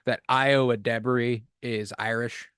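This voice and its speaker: Male co-host, casual film chat, animated and profane, smooth clear voice, dry close sound. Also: medium pitch, measured pace, dry recording. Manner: animated, swears freely, many restarts. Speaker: podcast co-host.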